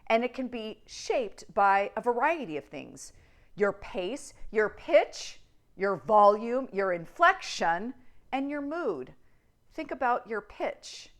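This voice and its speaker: Woman, middle-aged, media coach, coaching monologue, expressive, mid-pitched voice. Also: a little slow. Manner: expressive, demonstrates tones by switching delivery.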